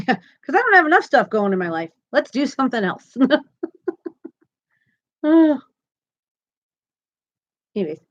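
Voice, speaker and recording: Woman, crochet stream host, casual chatter, upbeat, laughs a lot, high-ish voice, dull lo-fi sound. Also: big pitch swings, unhurried, long pauses. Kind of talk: casual live-stream chat.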